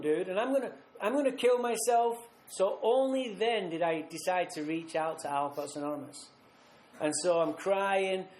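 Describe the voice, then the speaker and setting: A man's voice: high voice, a little hiss or hum. A man with a Manchester accent giving a frank, self-mocking recovery testimony to a retreat audience. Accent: Mancunian. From England. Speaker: recovery speaker. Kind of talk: personal testimony talk. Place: retreat hall. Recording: echoey hall.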